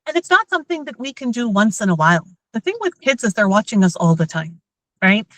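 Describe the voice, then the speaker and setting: A woman and mother giving a lively workshop talk on emotional intelligence to parents and teachers. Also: a little high, brisk, no room sound, low-quality recording. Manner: lively, acts out everyday scenes in quoted voices.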